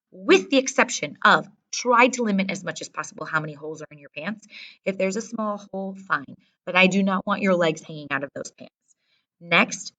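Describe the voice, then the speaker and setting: Speaking from some distance from the mic, a Midwestern American woman who teaches Spanish briefs her students. Her voice sits on the low side with a fairly bright tone, and she is direct and instructive, often checking in with the class.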